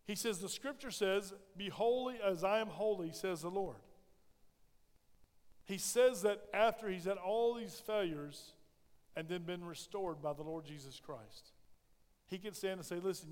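Male pastor, high voice, sermon in a reverberant sanctuary, swings between loud emphasis and soft asides. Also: normal speed. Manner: preaching with rising emphasis and soft drops. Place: church sanctuary.

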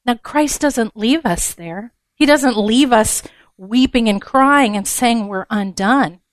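A woman preaches to a gathering of women in a frank, down-to-earth way, with blunt humor. Her voice sits a little high. The sound is dry and close. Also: slow, no room sound. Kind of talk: conversational sermon.

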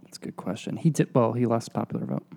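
A man co-hosting a casual podcast chat, joking and jumping in with quick remarks. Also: mid-range voice, vocal fry, a little mellow. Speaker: podcast co-host.

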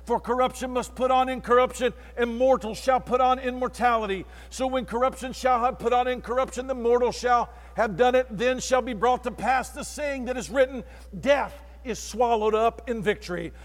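A male preacher delivering an impassioned sermon that swings from hushed tones to shouted lines. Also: very high voice, moderate pace, few pauses. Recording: long reverb in a large hall.

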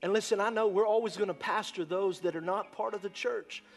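An impassioned male pastor preaches a sermon in a fairly high voice. He swings from loud shouts down to near-whispers, with soft guitar music under him. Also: fairly even intonation, brisk, vocal fry.

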